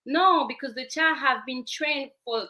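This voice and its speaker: Bright-voiced woman with a French accent. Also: sits high, unhurried. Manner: earnest, explanatory, repeats words when searching. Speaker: parenting coach guest. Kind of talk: talk show interview.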